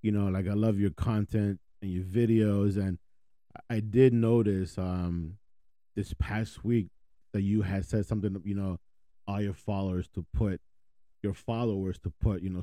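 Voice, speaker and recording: A man's voice: on the low side, steady tone, moderate pace, mellow, no room sound, studio quality. A man hosting a podcast in casual, slangy chat from the United States, laughing easily. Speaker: podcast host.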